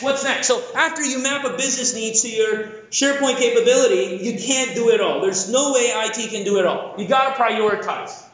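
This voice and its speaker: A man from the Philippines giving an energetic, jokey conference keynote, often asking the audience questions. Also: high-pitched. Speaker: keynote speaker. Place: large conference hall. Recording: echoey hall, dull lo-fi sound.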